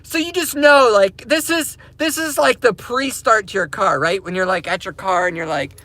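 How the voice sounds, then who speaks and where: A man ranting casually to camera as a crypto mining vlogger, excitable and slangy, laughing often. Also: high voice, normal speed, hardly any pauses, no room sound.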